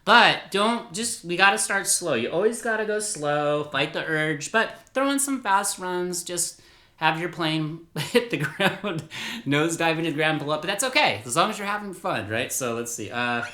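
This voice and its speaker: A man's voice: fairly high pitch, expressive, moderate pace, bright, forceful tone. A man teaching guitar in a casual, rambling, upbeat way, laughing at himself as he goes. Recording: roomy echo with guitar playing.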